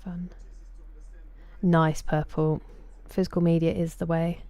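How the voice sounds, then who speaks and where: A woman streamer talks casually to her viewers, greeting them by name and answering their messages one after another. Her voice sits a little low and sounds mellow and relaxed. The sound is close and dry, from a desk microphone in a room at home. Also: takes it slowly, dry recording. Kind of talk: casual live-stream chat.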